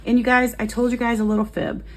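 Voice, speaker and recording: Cheerful chatty woman vlogger, higher voice. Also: fairly even intonation, quick pace, creaky. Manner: cheerful, chatty, counts money aloud. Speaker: budgeting vlogger. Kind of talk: upbeat casual vlog while cash stuffing.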